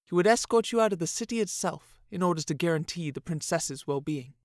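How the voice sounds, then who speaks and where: Nervous male sidekick, read by a man; hesitant, pitched a bit higher. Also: animated, fairly quick, no echo, clean studio sound.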